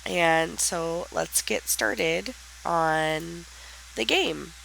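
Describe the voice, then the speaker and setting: A woman with a raspy, nasal voice from a sinus infection, giving hesitant, chatty commentary as she plays a life-sim game. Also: low-pitched, drawn-out words, fairly bright tone, slight background noise, low-quality recording. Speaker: let's play host.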